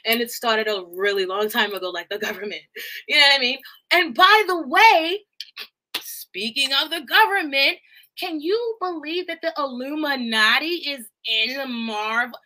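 Woman streamer doing a casual recap, rambling and profane, with a bright, slightly high voice. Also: normal speed. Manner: rambling, swearing, animated, laughing asides. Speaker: live streamer. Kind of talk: casual movie recap chat.

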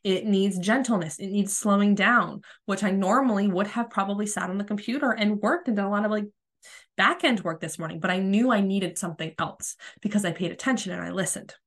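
A woman in her thirties hosting a spiritual coaching podcast, talking in a gentle, soothing, casual way while she has a cold. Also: mid-range voice, brisk. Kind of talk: casual solo podcast talk.

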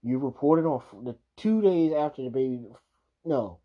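A man's voice: medium pitch, expressive, normal speed, muffled recording. A man reacting to a news clip with heated, profane ranting full of restarts. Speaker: video reactor. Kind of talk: casual reaction commentary.

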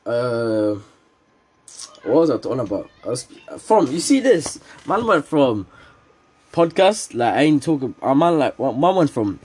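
A teenage guy chats alone into his podcast mic, jumping between topics and laughing at his own jokes. His voice has a slightly husky grain, sitting at an ordinary middle pitch for a young man. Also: darkish tone. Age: teens. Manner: rambling, joking, laughs often, slang-heavy. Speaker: podcast host. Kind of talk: casual solo podcast chat.

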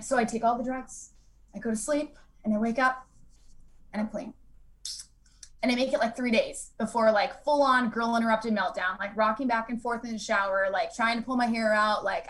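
Woman, frank personal storyteller, chatty with lots of fillers, slightly high voice. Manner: frank and conversational, with many fillers; acts out quoted people with lively voices. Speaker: speaker sharing a recovery story.

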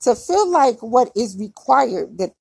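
A woman's voice: a little high, big pitch swings, measured pace, gravelly, husky, no echo. A young woman venting bluntly in an emotional personal monologue, repeating herself as she talks. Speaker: podcaster.

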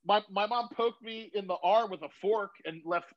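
A man's voice: high voice, moderate pace, slight background noise. A man in his thirties telling stories in a casual chat in his home garage, swearing freely and acting out the voices of people he quotes. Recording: dull, slightly lo-fi sound.

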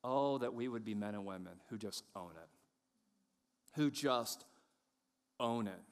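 A middle-aged man preaching a sermon, animated and self-mocking, acting out the voices he quotes. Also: medium pitch. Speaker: pastor.

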